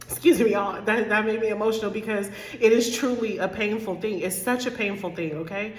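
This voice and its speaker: A woman life coach speaks straight to the camera for her followers in a mid-range voice at a moderate pace. She's candid, choked up and near tears, repeats herself, and calls her viewers y'all, all in an echoey room with long reverb.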